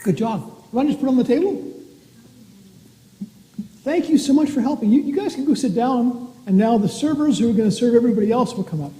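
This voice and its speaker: Gentle, dark-voiced minister in a reverberant church. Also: medium pitch, animated, fast talker, pauses often, a little hiss or hum. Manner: gentle, playful, talks simply to children. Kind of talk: children's time communion talk. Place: church sanctuary.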